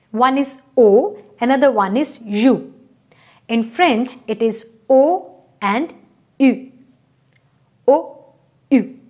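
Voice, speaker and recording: High-voiced, slow-talking woman teacher. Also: a little mellow. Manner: repeats each word and often asks "right?". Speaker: French teacher. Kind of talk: online language lesson.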